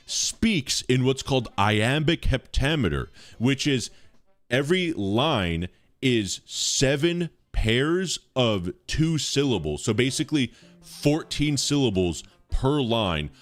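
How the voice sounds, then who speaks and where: A young man live-streaming, chatting casually with his viewers in a rambling, enthusiastic, slangy way. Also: medium pitch.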